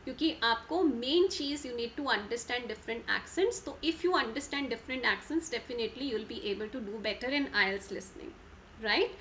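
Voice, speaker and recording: A woman's voice: on the high side, fast talker, fairly bright tone, a little hiss or hum. A woman with an Indian English accent teaching an online exam-prep class, calling on students by name and slipping into Hindi. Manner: repetitive, checks in with students by name; switches into Hindi mid-sentence. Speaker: IELTS trainer.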